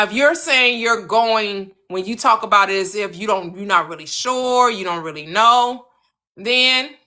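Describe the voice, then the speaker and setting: An American woman hosting her own channel, giving an earnest motivational talk on manifesting, repeating her points and swinging her pitch up for emphasis. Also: bright, forceful tone.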